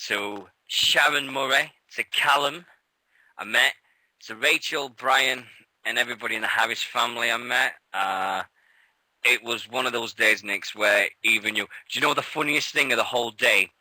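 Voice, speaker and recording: A British man co-hosting a radio show in casual chat, an excitable storyteller who laughs often and swears freely. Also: mid-range voice, moderate pace, no room sound, rough recording. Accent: British English.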